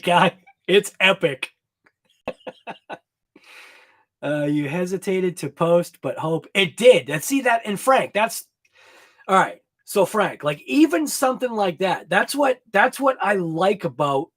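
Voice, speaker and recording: A man hosting a live hobby show, chatting casually with viewers in a rambling, excited way and laughing often. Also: high voice. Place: home garage workshop.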